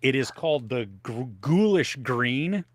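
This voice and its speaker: A man's voice: medium pitch, lively intonation, unhurried. A man co-hosting a live movie podcast from his home office, chatting loosely and eating snacks on air. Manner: rambling, tries snacks on air. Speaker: podcast co-host. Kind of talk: casual live-stream chat. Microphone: home office setup.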